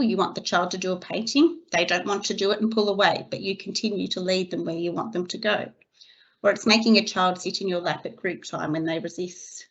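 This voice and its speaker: A woman narrates a training webinar, her delivery steady and measured as she reads from prepared slides. Her voice sits at a middling pitch. The recording is a little dull and lo-fi. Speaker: early childhood educator trainer.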